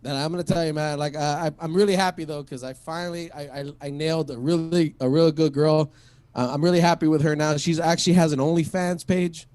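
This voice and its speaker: A man with a fairly high voice works through a stand-up set. He rambles, swears freely and stumbles over restarts and a steady stream of fillers. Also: fairly quick, smooth. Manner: rambling, profane, lots of "like" and restarts. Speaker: stand-up comic. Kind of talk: stand-up set at an online open mic.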